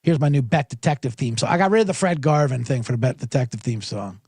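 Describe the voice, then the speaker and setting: Fast, husky, and darkish in a mid-range voice, a man rambles through his casual sports betting podcast, a dry recording in livestream-chat style. He curses freely and keeps interrupting himself mid-sentence.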